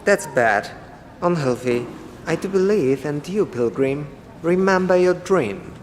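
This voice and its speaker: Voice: medium pitch, lively intonation, a little slow, big-room sound, lightly acted. An actor voicing a teasing, cryptic teenage boy in an audio drama. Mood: sly. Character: teenage boy, sly little con artist.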